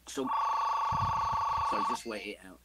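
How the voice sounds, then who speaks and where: A man in his seventies with an English accent, a guest musician telling animated stories and mimicking the sounds and voices of the people in them. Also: on the low side, unhurried, heavy background noise. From England. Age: 70s. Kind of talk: anecdotal storytelling in an interview.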